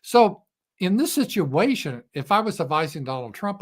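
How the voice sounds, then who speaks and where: A man's voice: high-pitched, sing-song, moderate pace. A man hosting a livestream show, giving blunt, sarcastic political commentary with crude asides. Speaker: show host.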